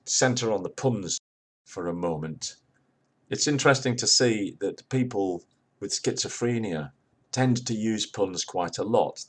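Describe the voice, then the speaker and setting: An older Englishman with a deep voice explains wordplay in a measured lecture. His tone is husky and a little rough, and he slips into little voices for the jokes he retells, then drops back to a dry explanatory manner. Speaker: lecturer on humour. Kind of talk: spoken lecture.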